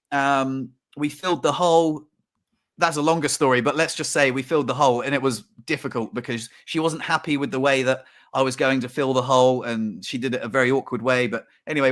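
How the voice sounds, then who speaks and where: A young man co-hosting a podcast, telling a story in casual chat, animated and swearing now and then. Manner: animated, acts out quotes with big pitch jumps. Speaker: podcast co-host.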